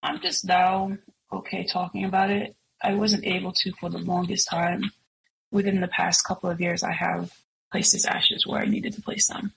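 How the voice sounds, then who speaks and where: A woman's voice: fairly low pitch, flat delivery, normal speed, vocal fry, background noise. A middle-aged woman sharing a personal story as a guest, speaking earnestly and emotionally with many fillers. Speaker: podcast guest.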